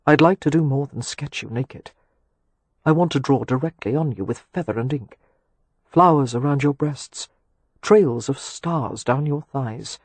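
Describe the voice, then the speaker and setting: A man reading an audiobook, voicing a wry, teasing gentleman with a husky voice. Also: unhurried, no echo. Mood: ardent. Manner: wry, teasing, low and intimate. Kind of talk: audiobook dialogue.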